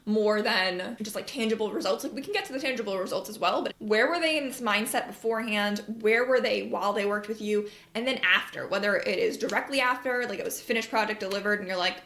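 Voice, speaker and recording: A woman's voice: mid-range voice, fast, few pauses, fairly bright tone, roomy sound, a little hiss or hum. A woman hosting an advice podcast about marketing. She talks in a candid, chatty way, swears casually, and acts out the voices she quotes. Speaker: podcast host, marketing coach.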